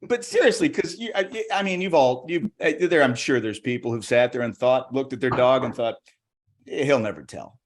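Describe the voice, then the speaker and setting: On a virtual comedy show, a man does stand-up over video call in a medium-pitched voice, talking a little fast with hardly any pauses. His delivery rambles chattily, full of self-interruptions, restarts, and acted-out voices.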